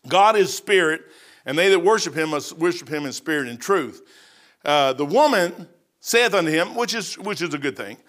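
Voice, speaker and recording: A man's voice: on the high side, expressive, fairly bright tone. An older man preaching a sermon in a folksy, rambling way, acting out the people in his stories. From Kentucky. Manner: folksy, rambling, acts out Bible figures in quick voices.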